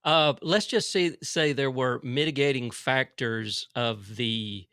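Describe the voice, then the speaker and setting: A man's voice: mid-range voice, slow pace, a bit bright, no echo. A man co-hosting a podcast, telling stories in a dry, understated way in casual chat. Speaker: podcast co-host.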